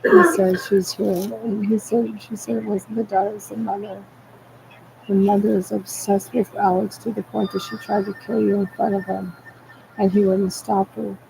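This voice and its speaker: A woman's voice: medium pitch, vocal fry, mellow, slight background noise, rough recording. A tearful woman in a rambling, distressed monologue, agitated and repetitive, swearing as she talks.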